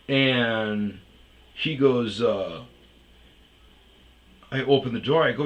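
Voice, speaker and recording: Low-voiced man telling a rambling story. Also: slow, pauses often, rough recording. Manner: rambling, heavy swearing, many fillers. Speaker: storyteller host. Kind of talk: casual profane storytelling.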